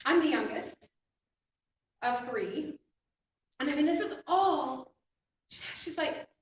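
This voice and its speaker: Animated woman storyteller in an echoey room. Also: sits high, slow pace, long pauses. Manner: animated, emotional storyteller who laughs often. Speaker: inspirational speaker. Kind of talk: personal storytelling talk. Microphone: distant mic. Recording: echoey room, distant mic, dull sound.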